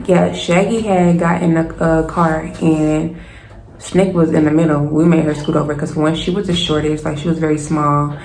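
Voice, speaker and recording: A young woman telling a storytime to her viewers, animated and casual, addressing them directly. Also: deep voice, normal speed. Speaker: vlogger. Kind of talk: storytime vlog. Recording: roomy echo, faint noise.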